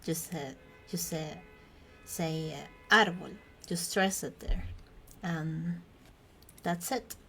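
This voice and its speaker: Slow-speaking woman teacher. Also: on the low side, level tone, faint music behind. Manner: chatty, self-correcting, laughs between points. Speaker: Spanish teacher. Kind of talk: informal language lesson.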